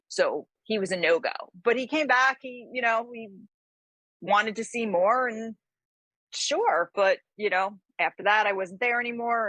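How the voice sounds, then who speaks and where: A woman from the New York area, a guest author telling stories in a casual interview, animated and full of restarts and fillers. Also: medium pitch, no echo. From New York area, USA. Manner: animated, lots of fillers and restarts, acts out quotes.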